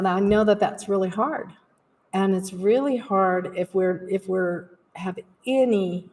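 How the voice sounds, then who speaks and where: Slow-talking woman, a bit off-mic. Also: mid-range voice, a little mellow, recorded from a distance. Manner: rambling, earnest, laughs while telling stories. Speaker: spiritual practitioner. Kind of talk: casual spiritual talk.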